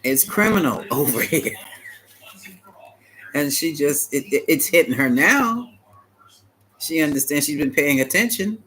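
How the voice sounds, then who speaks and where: A man giving a live-stream tarot reading, chatty and animated, talking back to viewers and laughing often. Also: a little high, a little slow, pauses often, a little hiss or hum, low-quality recording. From United States. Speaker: tarot reader.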